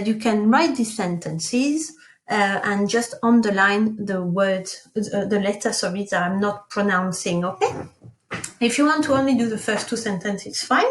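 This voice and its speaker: A woman teaching a recorded lesson, sounding out model sentences slowly and carefully. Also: mid-range voice, animated. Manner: slow, careful enunciation of French model sentences. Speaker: French teacher. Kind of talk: recorded remote language lesson. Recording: echoey room.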